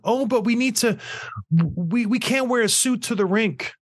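A man's voice: very high voice, unhurried, husky, no room sound, clean studio sound, pitched above the performer's own voice, exaggerated voice. A man mimicking whiny spoiled young hockey players. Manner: whining, petulant.

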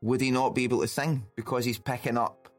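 A man's voice: medium pitch, steady tone, quick pace, faint music behind. Emphatic Scottish man in playful debate. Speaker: podcast co-host, new father. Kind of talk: casual chat.

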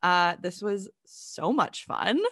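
An enthusiastic woman from Southern California hosts a podcast in casual chat. Her tone is bright and forward, and the sound is close and dry. She talks quickly, with plenty of fillers. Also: fairly low pitch, expressive, no echo. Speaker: podcast co-host.

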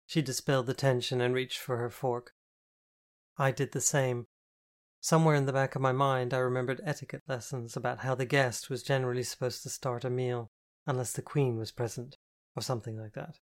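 A man narrating a novel in the first person, with a measured, even storytelling delivery. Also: medium pitch. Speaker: audiobook narrator.

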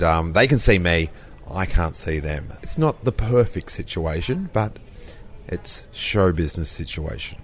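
A man, a comedian, talking casually to his audience while on the move, upbeat and jokey with plenty of fillers. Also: low voice. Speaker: comedian and podcast host. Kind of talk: casual vlog chat on the move.

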